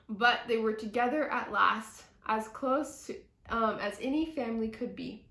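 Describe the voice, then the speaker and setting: A woman reading a children's picture book aloud in an expressive storytelling manner, with a few small slips. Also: on the high side, unhurried. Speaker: storybook reader. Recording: echoey room.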